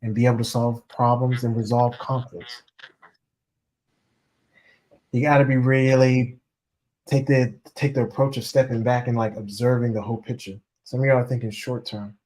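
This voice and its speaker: A man's voice: mid-range voice, brisk. A man giving a casual motivational talk as a relationship coach, talking straight to his audience and acting out the voices of people he quotes. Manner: animated, acts out quoted voices, addresses audience as y'all.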